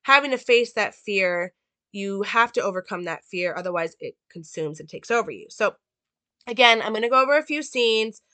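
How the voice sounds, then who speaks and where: Bright-voiced woman recapping a film. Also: mid-range voice, lively intonation, moderate pace, no room sound. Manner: loose, with many "like" and "um" fillers. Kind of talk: casual film analysis and plot recap.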